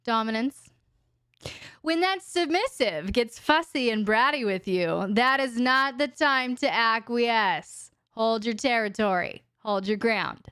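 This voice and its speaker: A woman's voice: fairly high pitch, lively intonation, slow pace, a bit bright, clean tone, no room sound, studio quality. A woman hosting a live question-and-answer stream from home, talking frankly and casually into a desk microphone. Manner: chatty, frank, talks to her dog in baby talk.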